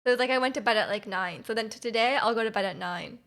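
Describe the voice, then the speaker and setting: A woman's voice: a little high, fast talker, fairly bright tone. A young woman livestreamer in casual chat with her viewers, rambling with lots of fillers and giggles.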